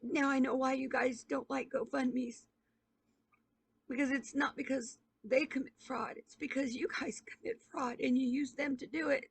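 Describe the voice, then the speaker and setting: A woman's voice: high-pitched, fairly even intonation, moderate pace, dry recording, rough recording. A woman YouTuber in an emotional personal appeal to camera, pleading and stammering with repeated questions, on the verge of tears. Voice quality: raspy, gravelly.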